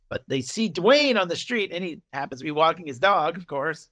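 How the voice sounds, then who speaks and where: Lively, high-voiced man retelling a show. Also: fairly quick. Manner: animated retelling, acting out quotes, laughing often. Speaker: podcast co-host recapping a TV episode. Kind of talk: casual chat.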